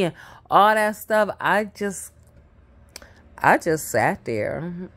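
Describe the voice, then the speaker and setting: A woman telling a personal story in a halting, casual way, repeating herself and dropping into mutters. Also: medium pitch, expressive, fairly bright tone.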